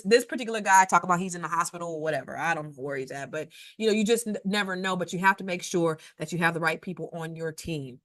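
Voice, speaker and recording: A woman talks through real estate advice in a chatty, emphatic way, stacking up repeated phrases and quick asides as she tells stories from her own deals. Her voice sits at an ordinary middle pitch. The sound is dry and close, with no room echo. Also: sharp tone. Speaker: real estate investor advising viewers. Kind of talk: advice talk with personal anecdotes.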